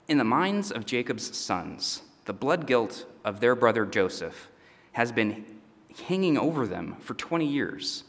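A man's voice: on the low side, fairly bright tone. Man teaching a sermon in a reverberant hall. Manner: conversational, asides with "okay?" and "all right?". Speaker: pastor.

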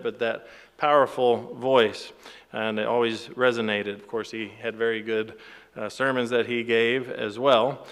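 A man giving a sermon in a relaxed, conversational way, with fillers and small laughs between points. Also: medium pitch, clear, resonant tone, long reverb tail. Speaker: pastor.

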